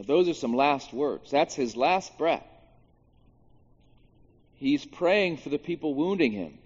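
A man, a pastor, preaching a sermon in an animated way, swinging between hushed and loud moments, with jokey asides. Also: fairly high pitch. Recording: dull sound with long reverb in a large hall.

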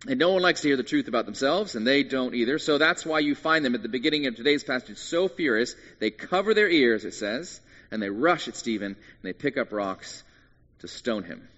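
A man, a pastor, preaching a sermon in an animated way, swinging between hushed and loud moments, with jokey asides. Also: medium pitch, fairly quick. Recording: dull sound with long reverb in a large hall.

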